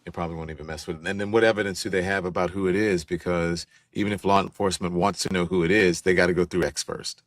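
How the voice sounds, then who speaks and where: Guy hosting a live call-in, low voice, chatty, dry close sound. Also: fairly even intonation, fast talker, hardly any pauses, no echo. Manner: conversational, asks co-host for agreement. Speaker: host.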